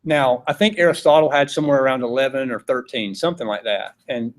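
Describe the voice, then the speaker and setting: A man teaching a philosophy class, talking casually and putting questions to the students. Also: mid-range voice. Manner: conversational, asks the class questions. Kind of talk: classroom lecture.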